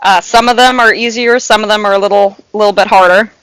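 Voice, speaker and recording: A woman's voice: mid-range voice, fairly even intonation, fast, fairly bright tone, smooth, no room sound, rough recording. A woman co-hosting a casual podcast and explaining a trivia game in a dry, matter-of-fact way. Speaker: podcast co-host running trivia.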